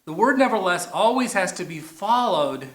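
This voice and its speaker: Lively playful pastor, echoey sound. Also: male voice, high voice. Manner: playful, drawn-out emphasis on single words. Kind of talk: sermon. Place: church, message shown on a big screen outdoors.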